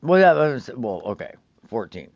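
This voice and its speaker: A man's voice: medium pitch, normal speed, no echo, lo-fi sound. Brief: young male streamer, casual crafting chatter, swears a lot, keeps restarting his sentences. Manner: profane, excitable, many restarts. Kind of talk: casual game stream chat.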